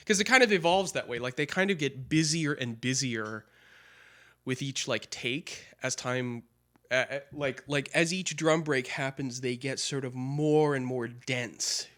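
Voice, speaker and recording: Casual male drummer, mid-pitched, meandering explainer who scats patterns. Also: normal speed, fairly bright tone. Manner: rambling, hesitant with fillers, scats drum and guitar patterns aloud. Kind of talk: casual practice-session chat.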